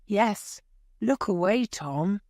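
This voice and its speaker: A woman's voice: medium pitch, lively intonation, slow pace, a little mellow, no room sound, clean studio sound, pitched above the performer's own voice. A woman voicing a stern older aunt who gives commands in a storybook reading.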